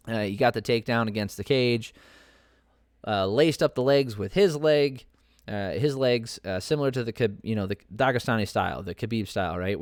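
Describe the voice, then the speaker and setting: Opinionated man with a low voice. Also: clean tone, dry recording, studio quality. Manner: opinionated, rambling with many fillers and restarts. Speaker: podcast host. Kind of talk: casual commentary on fights.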